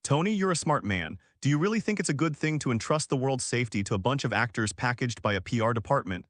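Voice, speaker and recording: A man reading the lines of a stern, commanding one-eyed spy chief, forceful and firm. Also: medium pitch, lively intonation, fast talker, no echo, clean studio sound, lightly acted.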